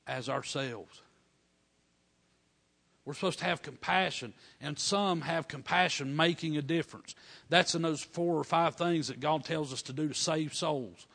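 A middle-aged man, preaching a folksy storytelling sermon with fervent bursts of praise. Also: on the high side. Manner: fervent, building to loud praise shouts; folksy dialect, drawn-out emphasis.

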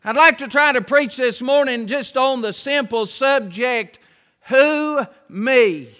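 Brief: pastor, man, very high and bright voice, slow folksy sermon, long church reverb. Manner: folksy, storytelling, asks rhetorical questions.

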